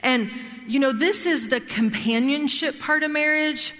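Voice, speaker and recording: Woman, workshop teacher, bright and forceful tone, chatty delivery that keeps asking "right?", long hall reverb. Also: high-pitched, a little slow. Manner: checks in often with "right?" and "all right?". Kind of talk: conversational teaching talk.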